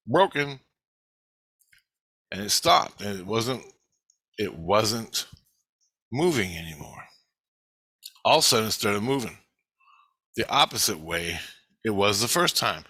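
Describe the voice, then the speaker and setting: A man's voice: lowish voice, sing-song, takes it slowly, pauses often, sharp tone, no room sound. Profane rambling middle-aged man. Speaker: vlogger. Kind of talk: casual storytelling.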